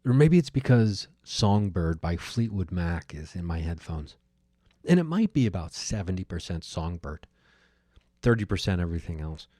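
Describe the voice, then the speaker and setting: A low-voiced man talks through a personal story on his podcast, musing and circling back with fillers and restarts. His tone is mellow and dark. The sound is dry and close, with no room around it. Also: sing-song, normal speed, dry recording. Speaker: podcast host. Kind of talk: reflective solo monologue.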